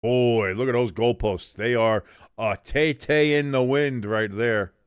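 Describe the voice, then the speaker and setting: Male watch-along host, mid-pitched, dry close mic, jokey self-correcting play-by-play. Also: unhurried, clear, resonant tone, dry recording, muffled recording. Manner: jokey, self-correcting, reads chat aloud. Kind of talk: live play-by-play commentary.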